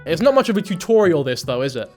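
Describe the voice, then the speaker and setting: A man's voice: on the high side, very animated, fast, a little mellow, soft background music. A man ranting through reaction commentary, sweary and exasperated. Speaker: commentary YouTuber.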